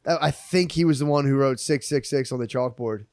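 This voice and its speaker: A man's voice: mid-range voice, fairly quick, a little mellow, dry recording. A man in his thirties, a podcast co-host telling stories in casual comedic chat, laughing often. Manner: laughing storyteller, mimics people in quotes.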